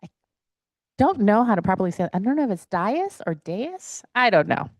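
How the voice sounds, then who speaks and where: A woman's voice: mid-range voice, expressive, fast, no echo. A woman speaking as a councilmember at a city council meeting, talking hesitantly with many fillers and restarts.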